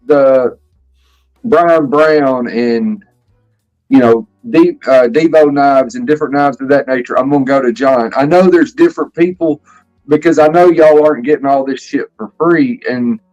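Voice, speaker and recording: A man's voice: mid-range voice, normal speed, darkish tone, highs cut off, faint music behind. A man in casual chat on a stream, talking earnestly and at length, swearing freely.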